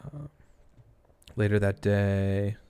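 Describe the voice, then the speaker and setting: A man's voice: fairly low pitch, very slow, dark tone, clear, resonant tone. A young man hosting a casual true-crime livestream, thinking aloud and rambling with restarts while reading chat. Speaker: livestream host.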